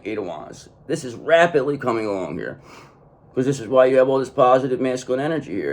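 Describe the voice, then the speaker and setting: Emphatic man doing a tarot reading. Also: mid-range voice. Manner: emphatic, keeps adding "okay?" after each point. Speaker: tarot reader.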